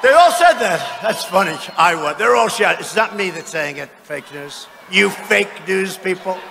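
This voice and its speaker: A man in his seventies giving a political rally speech in an arena, boastful and mocking, often breaking into shouts. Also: high voice, animated, normal speed, creaky, a faint crowd, slight background noise. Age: 70s. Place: large arena with crowd. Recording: arena with long reverb.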